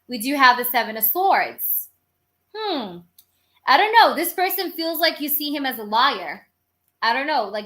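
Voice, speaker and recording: A woman's voice: high-pitched, fairly bright tone. A woman reading tarot cards live for her viewers, talking in a chatty, rambling, informal way and cursing casually. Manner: rambling, with many filler phrases. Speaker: tarot reader.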